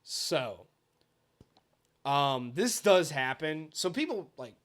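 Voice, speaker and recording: A young man in his twenties co-hosts a casual podcast and tells a story with plenty of swearing. His voice sits a little high and swings widely in pitch, and now and then he breaks into loud shouted impressions. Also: very animated, slow pace. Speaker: podcast co-host.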